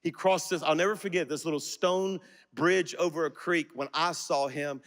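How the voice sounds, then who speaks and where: A middle-aged man preaching a sermon, telling a personal story that swells into fervent, shouted exhortation to the congregation. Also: a little high, fairly even intonation, normal speed. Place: large auditorium church. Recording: long reverb of a large auditorium.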